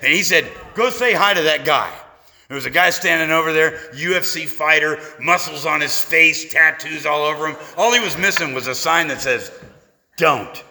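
Animated profane man in an echoey hall. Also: on the high side, brisk, creaky, hardly any pauses. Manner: animated, profane, punchy comic delivery. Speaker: speaker sharing at a recovery meeting. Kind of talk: comic storytelling to a live audience.

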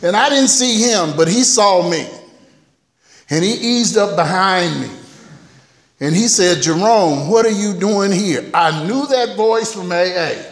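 A man's voice: high-pitched, lively intonation, measured pace, fairly bright tone. A man telling his own recovery story at a meeting, candid and humorous, in a folksy voice. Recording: echoey hall, heard from a distance.

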